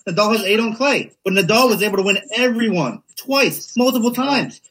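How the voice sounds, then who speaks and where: A husky, high-voiced man in a heated sports argument. He talks over his opponent and hammers the same points again and again. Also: animated, fairly quick, fairly bright tone, low-quality recording.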